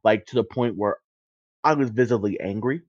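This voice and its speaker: A man's voice: lowish voice, moderate pace, no echo. Laid-back man ranting in casual chat. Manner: animated, profane, laughs often. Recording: dry, dull lo-fi mic.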